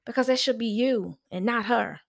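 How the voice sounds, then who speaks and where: A woman's voice: a little high, gravelly. A woman hosting a podcast, giving frank, chatty advice. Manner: frank, chatty, slow and emphatic. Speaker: podcast host. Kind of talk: casual advice monologue.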